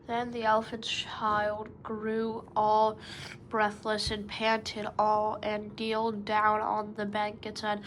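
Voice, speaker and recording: Unhurried woman reading a children's story. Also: medium pitch, monotone, slight background noise, low-quality recording. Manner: addresses the listener fondly as "best beloved".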